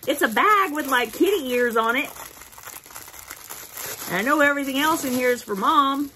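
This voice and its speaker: A woman's voice: high voice, moderate pace, pushed and bright, a little hiss or hum. A woman hosting a casual unboxing video, cooing playfully at her cat and laughing often. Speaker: vlog host.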